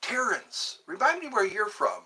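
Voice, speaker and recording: Livestream host, man, lively sing-song delivery, unhurried, trips over his words. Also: sits high, slightly rough. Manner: chatty, animated, stumbles and repeats words. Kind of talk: casual live-stream chat reading viewer comments.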